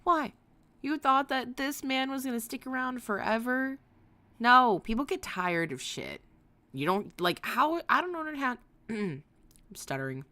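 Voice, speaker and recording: A woman's voice: on the high side, lively intonation, a little slow, bright, forceful tone. A woman hosting a casual livestream, talking in a sarcastic, rambling way and swearing now and then. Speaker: livestream host.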